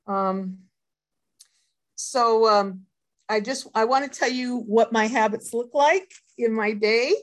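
A woman's voice: on the high side, takes it slowly. An older retired woman sharing her daily habits in a recovery group, in an earnest, reflective way with lots of hesitant fillers. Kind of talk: personal sharing talk.

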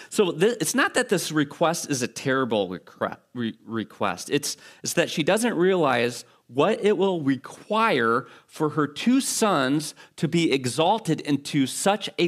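A male pastor preaching a sermon in a conversational, storytelling way, with asides and restarts. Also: on the high side.

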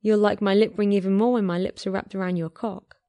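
A woman voicing a flirtatious, tattooed and pierced man who talks softly and playfully in a story reading. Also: mid-range voice, fairly even intonation, fairly quick, no echo, close to an everyday voice. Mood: teasing.

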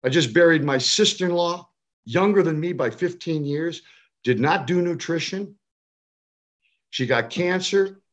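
A man's voice: expressive, measured pace. Emphatic storytelling man in his seventies. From Cleveland area, United States. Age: 70s. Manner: emphatic, rising to a high pitch when stirred. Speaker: speaker on health and nutrition. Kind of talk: impassioned storytelling.

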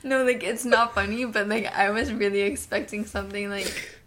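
A woman's voice: mid-range voice, steady tone, moderate pace, noisy background. A young woman co-hosting a podcast in casual chat, laughing easily and leaning on "like". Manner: laughs easily, frequent "like" fillers. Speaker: podcast co-host.

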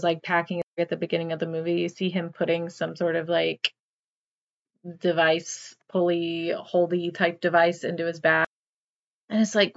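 A woman podcast host casually recapping a horror movie, saying "like" constantly and swearing freely. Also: fairly low pitch.

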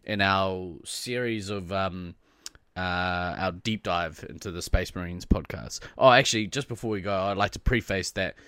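A man co-hosting a podcast in casual chat, his voice a little rough from being sick, laughing often and rambling with many fillers. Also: deep voice, normal speed, pushed and bright, no room sound, clean studio sound. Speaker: podcast co-host.

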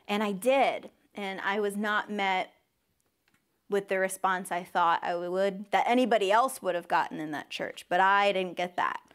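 A young woman sharing a personal testimony with a church congregation. She is emotional, near tears at times, and acts out the voices she quotes with big leaps in pitch. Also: smooth. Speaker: speaker at a church service.

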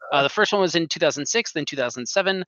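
A man's voice: on the high side, lively intonation, rapid-fire, sharp tone, no room sound. A man co-hosting a casual podcast, rambling and stumbling over his words. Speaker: podcast co-host. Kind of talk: casual chat. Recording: dry, dull lo-fi mic.

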